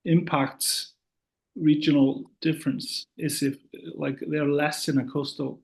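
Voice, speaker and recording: A man's voice: a little high, flat delivery, slow pace, vocal fry. A man from Iceland with an Icelandic accent, a professor explaining language in a careful, hedging way as a guest. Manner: thoughtful, hedging, frequent "yeah, yeah". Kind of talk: casual academic conversation.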